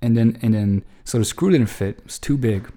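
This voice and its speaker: A man's voice: mid-range voice, a little fast. A man telling a long casual story to the camera, full of restarts and profanity, with an exasperated edge. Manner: rambling, profane, lots of restarts; exasperated, animated retelling. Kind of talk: casual anecdote monologue.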